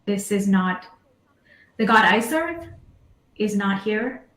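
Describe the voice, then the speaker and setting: A woman's voice: medium pitch, expressive, slow, fairly bright tone. A woman giving an emotional testimony about faith and loyalty, near tears. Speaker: interviewee. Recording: roomy echo.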